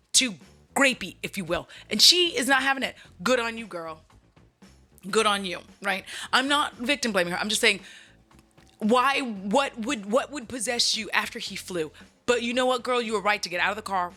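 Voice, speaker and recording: At home, a woman with a sharp, somewhat high voice hosts her channel with a comedic movie recap. She retells the film chattily and keeps tossing asides straight to her viewers.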